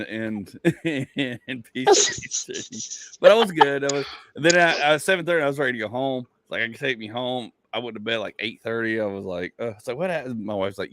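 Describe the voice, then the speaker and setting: A comedian who hosts a podcast rambles through a story in casual conversation, laughing at his own tales as his voice leaps up in pitch. His tone is bright and forceful, and the recording has no echo.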